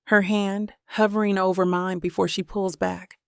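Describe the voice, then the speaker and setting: A woman narrating a romance audiobook in the first person, steady and intimate. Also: medium pitch, unhurried, gravelly, hardly any pauses, clean tone, dry recording, studio quality.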